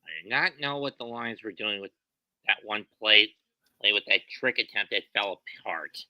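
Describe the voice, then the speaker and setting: This man's voice is strikingly bright and quacky, often likened to a cartoon duck. He co-hosts a casual live game-watch stream and lands his jokes in a dry, deadpan way. The sound is close and dry, with almost no room around it. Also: fairly low pitch, moderate pace, no room sound, lo-fi sound. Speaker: co-host.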